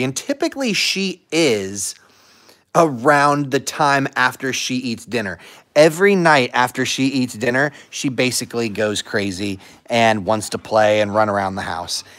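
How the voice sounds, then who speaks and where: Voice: mid-range voice, a bit bright. A live stream host at home chatting casually with viewers and talking to the dogs in playful baby talk. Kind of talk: casual livestream chat.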